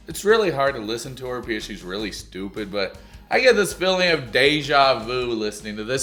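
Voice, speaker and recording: Man, crude sarcastic tv recap host, bright forceful voice, faint music under. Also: medium pitch, sing-song, moderate pace. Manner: sarcastic, crude, mocking, slips into silly voices. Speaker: recap comedian. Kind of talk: comedic TV recap.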